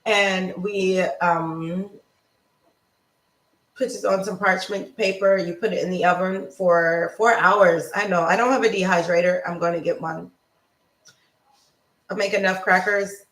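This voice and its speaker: A woman hosting a casual livestream, chatty and upbeat, greeting viewers by name and wandering between topics, slowing down to pronounce foreign words. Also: steady tone, fairly bright tone, reverberant, poor audio. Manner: slows down to pronounce foreign words with bursts of high pitch. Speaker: lifestyle and nutrition livestream host.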